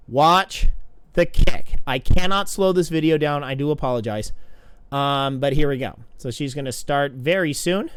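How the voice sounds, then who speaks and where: A man reviewing swim technique on video as a coach, talking in an excitable, rambling way and often correcting himself. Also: on the high side, clean tone, dry recording.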